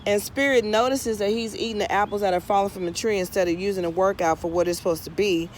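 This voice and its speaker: A woman's voice: medium pitch, fairly even intonation, fast talker, a little hiss or hum. A woman tarot reader telling a casual story outdoors in her garden, chatty with frequent asides. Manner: chatty, drawling, many asides and "right?".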